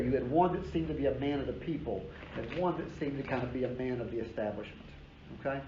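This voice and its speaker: A man's voice: mid-range voice, darkish tone, a little hiss or hum. Male history professor, emphatic storytelling lecture, casual asides, roomy dull recording. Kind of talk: classroom lecture.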